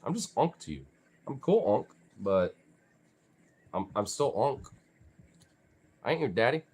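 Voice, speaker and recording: A young man rambles casually to his dogs, swearing freely and filling his talk with "like" and "you know". His voice sits at a middle pitch but swings up and down a lot. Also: very animated, unhurried, a little mellow, slightly rough. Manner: rambling, profane, full of fillers. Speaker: vlogger.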